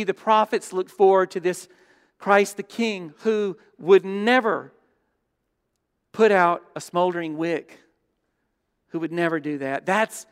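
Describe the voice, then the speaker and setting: A man preaching a sermon as pastor, telling stories and dropping from loud to hushed. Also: high voice. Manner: storytelling, shifts between loud and hushed. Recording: long hall reverb.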